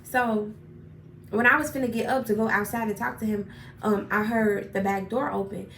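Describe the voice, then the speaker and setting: A young woman telling a personal story in a casual, animated, profane way, getting worked up as she retells it. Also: medium pitch, normal speed, vocal fry. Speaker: storyteller vlogger. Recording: roomy echo, far from mic, faint noise.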